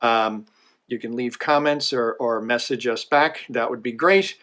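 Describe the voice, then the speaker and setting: Easygoing male coach, mid-pitched, folksy storyteller. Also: measured pace, a bit bright. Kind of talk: casual monthly video message with a told joke.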